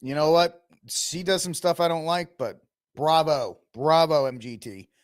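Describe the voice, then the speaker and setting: A man's voice: on the high side, measured pace, clean tone, no room sound, studio quality. A man hosting a podcast, ranting with sarcasm and mocking impressions in a heated political commentary. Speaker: podcast host.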